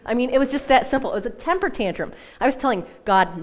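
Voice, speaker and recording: A woman, around her thirties, giving a personal testimony in a church talk, telling it in a lively, self-mocking way with laughs. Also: a little high, fast. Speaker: church speaker.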